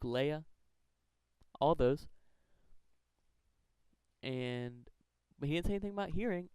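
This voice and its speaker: A man's voice: medium pitch, a little mellow, clean tone, no room sound, low-quality recording. A man earnestly talking through a fan theory countdown, rambling and correcting himself as he goes. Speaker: fan theory video maker. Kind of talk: casual countdown commentary.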